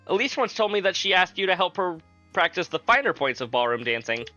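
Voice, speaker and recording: A man's voice: high voice, big pitch swings, fairly quick, pushed and bright, highs cut off, soft background music, heavily acted. A man voicing a playful, teasing fifteen-year-old princess, reading game dialogue aloud in a raised, girlish, polite voice.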